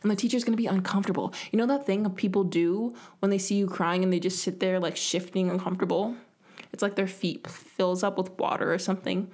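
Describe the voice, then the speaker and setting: A woman's voice: mid-range voice, fairly even intonation, fairly quick, a little mellow. A young woman hosting a solo podcast, telling a rambling, self-mocking story and acting out quoted lines in a whisper. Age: young adult. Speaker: podcast host. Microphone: home podcast mic.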